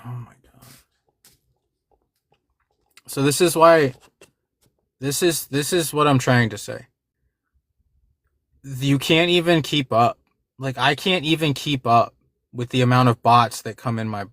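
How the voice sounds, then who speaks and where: A man's voice: medium pitch, vocal fry, no echo, clean studio sound. A man hosting a livestream, talking casually and with frustration to his chat, swearing and repeating himself. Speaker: livestream host.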